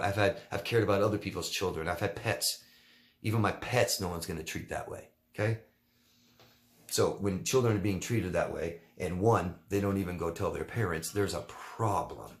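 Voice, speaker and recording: Blunt, emphatic man with a lowish voice. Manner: emphatic and blunt, repeats key words. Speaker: relationship coach answering viewer questions. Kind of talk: casual Q&A monologue.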